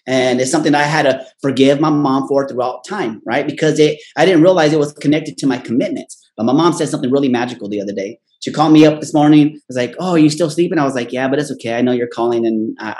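A man hosts a relaxed conversation with a voice of ordinary middle pitch. He tells stories with animation and keeps checking in with his listener by tacking "right?" onto his sentences. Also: fast, hardly any pauses. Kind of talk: casual storytelling chat.

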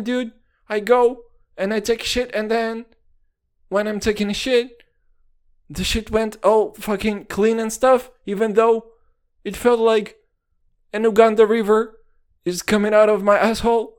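A man's voice: sits high, steady tone, a little slow, clear, resonant tone. A young man rambling through a casual solo podcast, jokey and full of swearing. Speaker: podcast host.

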